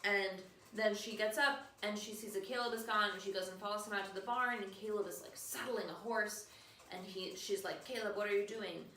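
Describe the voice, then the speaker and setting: A woman's voice: medium pitch, fairly even intonation, normal speed, bright, forceful tone, reverberant, recorded from a distance, slight background noise. A woman hosting a casual podcast, recapping a movie in a chatty, sarcastic way and acting out the characters' lines. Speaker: podcast host.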